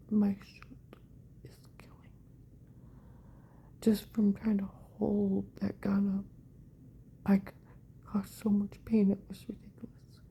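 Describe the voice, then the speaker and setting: Husky-voiced woman, hushed and rambling. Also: medium pitch, dull audio. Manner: often drops to a hushed whisper; fragmented, repetitive phrasing. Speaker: vlogger telling a personal account. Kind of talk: rambling personal monologue.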